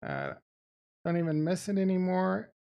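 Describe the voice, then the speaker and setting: A man's voice: high voice, moderate pace, vocal fry. A man casually rambling through his trading day as host, joking and talking to his chat. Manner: rambling, jokey, talks to chat, sudden excited outbursts. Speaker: crypto trading streamer. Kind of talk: casual rambling market commentary.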